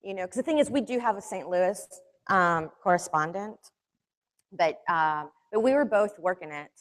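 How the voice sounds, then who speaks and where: A woman's voice: fairly low pitch, lively intonation, normal speed. A woman reporter gives a casual, anecdotal talk to students, chatty and loose, full of "like" and "you know". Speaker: magazine reporter speaking to students.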